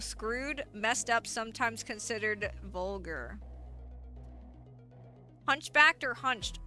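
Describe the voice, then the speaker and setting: A woman's voice: on the high side, takes it slowly, bright, forceful tone, faint music behind. A woman streamer chatting casually and playfully, often laughing as she reads chat.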